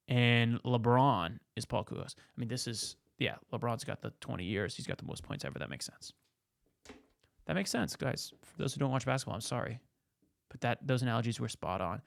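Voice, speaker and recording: Brief: excitable male host doing comedic commentary, gravelly voice. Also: mid-range voice, no room sound, studio quality. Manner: excitable, jokey riffing.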